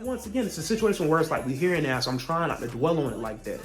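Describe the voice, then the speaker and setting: A young man telling a storytime vlog, profane and heated, with animated rants he acts out as quotes. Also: a little high, fast talker, faint music behind. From Virginia, US. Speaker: vlogger.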